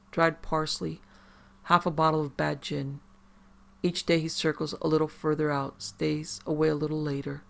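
A man reading a scripted horror story aloud as narrator, in a measured, hushed dramatic manner. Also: a little high, vocal fry.

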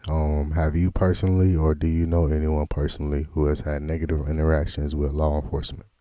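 Male interviewer, very low and flat delivery, polite, dry close recording. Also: brisk, dry recording. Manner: polite, formal, answers with "yes, ma'am". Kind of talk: interview questions.

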